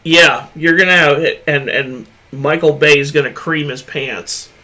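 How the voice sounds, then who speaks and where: A man in a casual reaction chat, cracking deadpan jokes and laughing often. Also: fairly high pitch, a little slow.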